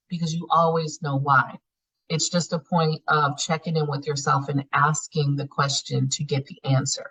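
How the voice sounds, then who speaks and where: A woman's voice: deep voice, fairly even intonation, moderate pace, fairly bright tone, slightly rough. A woman leading a healing class in a frank, conversational way, swearing casually and acting out people's inner thoughts. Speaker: spiritual healing class facilitator. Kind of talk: casual teaching talk. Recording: muffled lo-fi class recording.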